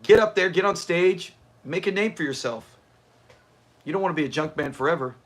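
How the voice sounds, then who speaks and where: A man's voice: on the high side, lively intonation, a little fast, a bit bright. A man hosting a livestream watch party, chatting casually, answering viewers and laughing often. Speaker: livestream host.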